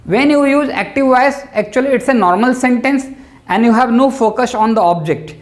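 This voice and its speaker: A man teaching English grammar who speaks slowly and deliberately, repeating example sentences and checking in with the learner. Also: extremely high pitch.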